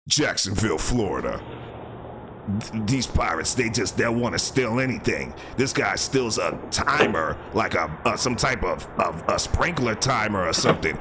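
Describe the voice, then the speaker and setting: A man hosting a comedic doorbell-camera clip show, calmly announcing places, then shouting and heckling the people in the clips. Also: normal speed, noisy background. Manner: heckles people on screen, shouting "get lost"; lively pitch swings, calm place announcements. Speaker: host narrating doorbell clips. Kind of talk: comedic commentary over video clips.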